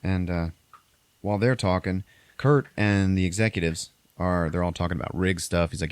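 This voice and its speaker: A man hosting a podcast, casually retelling a movie plot in a rambling, profane way and briefly acting out characters in exaggerated high voices. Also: moderate pace, smooth, dry recording. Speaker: podcast host recapping a movie. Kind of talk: casual chat.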